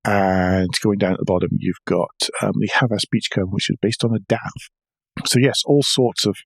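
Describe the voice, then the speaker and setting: A man's voice: fairly low pitch, normal speed, gravelly, no room sound. Chatty male podcast co-host, dry sound. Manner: chatty, hesitant with fillers and restarts. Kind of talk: casual chat.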